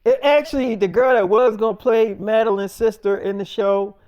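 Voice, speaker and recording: A man's voice: sits high, fairly even intonation, moderate pace, a little mellow, smooth, dull audio. A man telling a rambling, casual story, acting out what others said in quotes, with many restarts and fillers. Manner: acts out other people's lines in quotes.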